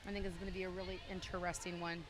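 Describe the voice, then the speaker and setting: In a noisy poolside recording from an indoor meet, a woman with a fairly low, fairly monotone voice races through her live PA announcing. Casual and talkative with plenty of fillers, she calls out lanes, times, and remarks to the kids.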